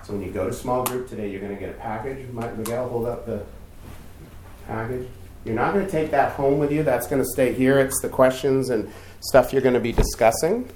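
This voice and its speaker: A man's voice: mid-range voice, brisk, a little mellow, slight background noise. A man giving a candid, chatty storytelling sermon as youth pastor, poking fun at himself. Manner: candid, self-mocking, chatty. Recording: echoey room, distant mic.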